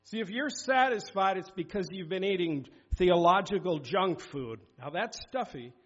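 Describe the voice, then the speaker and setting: Man, sermon preacher, emphatic exhortation, slightly high voice, dull lo-fi recording. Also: animated, moderate pace, a bit bright. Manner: emphatic, exhorting, reads scripture aloud. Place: church sanctuary. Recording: dull lo-fi sound.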